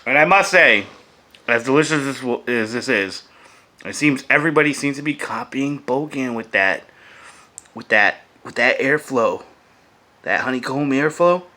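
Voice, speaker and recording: A man casually chatting to camera as a vlogger, loose, profane and enthusiastic, often dropping to a hush. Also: medium pitch, lively intonation, normal speed. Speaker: vlogger reviewing beer and vape pairings.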